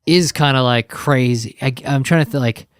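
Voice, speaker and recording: A man co-hosting a podcast with a smooth, clear voice, relaxed and casual, dropping curse words as he talks. He sits close to the mic in a dry, dead-sounding space. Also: medium pitch, moderate pace, no room sound. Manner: laid-back, swears casually, agreeable backchannels. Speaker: podcast co-host. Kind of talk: casual chat.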